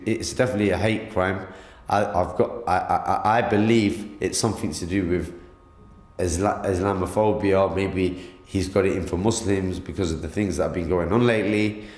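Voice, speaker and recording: A man giving an emotional first-person account of an attack, halting with many stammered restarts, recorded in a hospital room. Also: low-pitched, fairly even intonation, a little mellow, roomy sound. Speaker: interviewee, attack victim.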